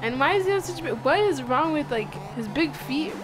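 A woman's voice: high voice, lively intonation, a little fast. A woman chatting and teasing while her friend plays a retro boxing game, laughing easily in casual commentary. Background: game music.

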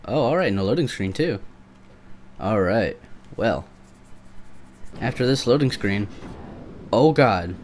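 A man's voice: fairly low pitch, expressive, slow pace, long pauses, darkish tone, a little hiss or hum. A young man giving nervous, swearing commentary while playing a creepy shooter game, often talking back to the monsters. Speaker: gameplay commentator. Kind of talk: let's play commentary.

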